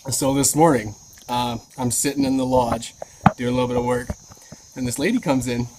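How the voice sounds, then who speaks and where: A woman on a motorcycle trip, chatting in a casual video diary, excitable and incredulous, swearing freely. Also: extremely low pitch, normal speed, noisy background. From Canada. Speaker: motorcycle travel vlogger.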